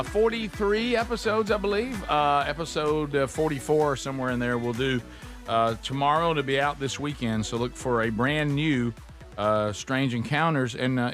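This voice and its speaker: A man's voice: medium pitch, fairly bright tone, no echo. Male show host, folksy casual banter, dry close studio sound. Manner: folksy, filler-heavy, calls co-hosts by name.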